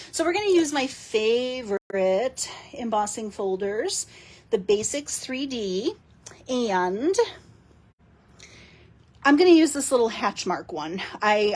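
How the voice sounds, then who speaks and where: A woman's voice: mid-range voice, slight background noise. A woman hosting a casual live card-making demo, chatting and giggling with her viewers as she works.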